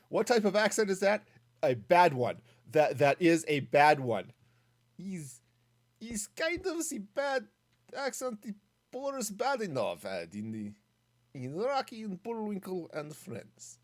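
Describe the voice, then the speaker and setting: Casual game streamer, mid pitch, very animated intonation, muses aloud and answers chat. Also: slow pace. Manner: chatty, thinking aloud, reading chat. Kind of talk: casual gaming stream commentary.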